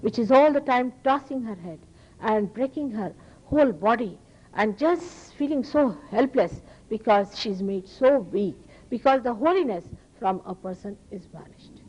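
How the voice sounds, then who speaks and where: A woman from India with an Indian accent, giving an earnest, emphatic spiritual lecture as a teacher to an audience, with pauses and restarts. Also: fairly high pitch, lively intonation, darkish tone, husky, highs cut off.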